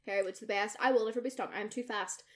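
A young woman co-hosting a podcast, telling a wild story in casual chat, animated and swearing freely as she acts out the people in it. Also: medium pitch, very fast, noisy background. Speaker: podcast co-host.

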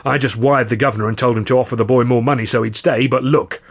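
A man's voice: medium pitch, steady tone, quick pace, lightly acted. A man voicing a harried middle-aged male company manager who talks in anxious, breathless pleas. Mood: exasperated.

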